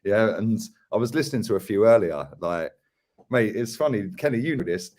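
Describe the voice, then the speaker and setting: Lower-voiced man telling lively stories. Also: moderate pace. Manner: animated storytelling, laughs often, many fillers. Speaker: host. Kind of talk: casual podcast chat.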